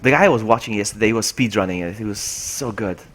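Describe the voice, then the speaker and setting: A man streaming a game with live commentary, excitable, swinging from quiet mutters to loud yelps. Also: lowish voice, fast talker.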